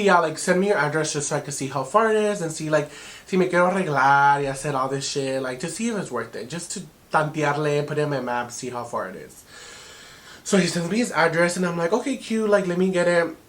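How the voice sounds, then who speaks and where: Young male vlogger, animated storytime, profane, code-switches to Spanish. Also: on the high side. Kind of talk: storytime vlog.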